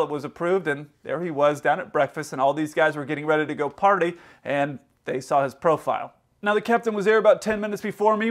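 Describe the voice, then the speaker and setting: A middle-aged man with a fairly high voice tells work stories as an airline pilot. He talks loosely and casually, with restarts and quoted dialogue, like an easygoing vlog. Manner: relaxed, rambling, with frequent restarts and quoted dialogue.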